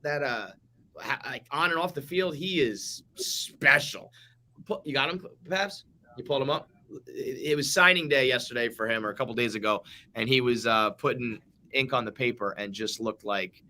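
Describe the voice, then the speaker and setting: Bright-voiced joking male podcast host. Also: mid-range voice. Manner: animated, joking, heavy swearing. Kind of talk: casual sports podcast banter.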